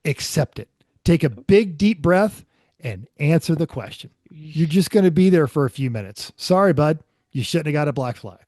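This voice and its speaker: A man's voice: a little high, moderate pace, no echo, studio quality. A man co-hosting a racing podcast, telling judging stories in a casual chat. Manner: storytelling, lively. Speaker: podcast co-host, race judge.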